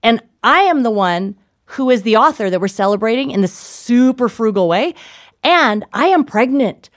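A middle-aged woman chats as an interview guest, telling family stories with easy laughter. Her voice jumps high whenever she acts out what someone said. The sound is close and dry. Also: normal speed, dry recording. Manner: animated, laughing, acts out quotes with big pitch jumps. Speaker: author and guest. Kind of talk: casual interview storytelling.

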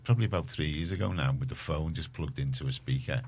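A man's voice: a bass voice, fast, slight background noise. A man with a Liverpool accent presenting a community radio show, chatting casually in a rambling, self-mocking way. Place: radio studio.

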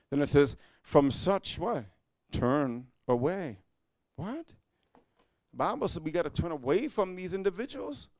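A man preaching a fiery sermon, repeating "amen" and swinging from low muttering to shouting. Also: dry recording. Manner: repetitive call-and-response, frequent "amen".

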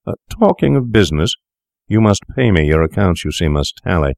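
A man voicing a calculating young doctor in a story, talking in a smooth, matter-of-fact, coaxing way. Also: low-pitched, big pitch swings, fairly quick, darkish tone, no echo, clean studio sound, full character voice. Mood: coolly insistent. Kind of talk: audiobook character voice.

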